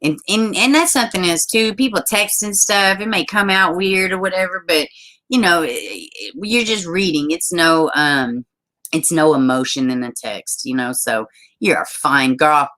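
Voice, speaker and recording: A woman hosting a casual live stream, reading news stories and viewer comments aloud, chatty and quick to laugh. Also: on the low side, fairly bright tone. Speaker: livestream host.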